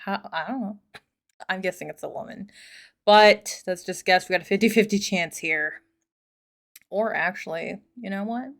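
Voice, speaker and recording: A woman reads online stories aloud, then breaks off to comment. Her voice is middle-pitched and conversational. She swears freely and wanders into chatty asides. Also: normal speed, pauses often. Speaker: host reading and reacting to online posts. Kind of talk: casual commentary and reading aloud.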